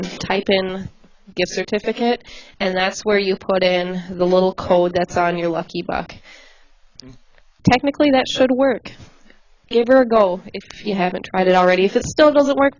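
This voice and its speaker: A woman volunteer coordinator talking casually and quickly to volunteers, chatty and laughing easily. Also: mid-range voice, muffled recording. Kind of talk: casual livestream address.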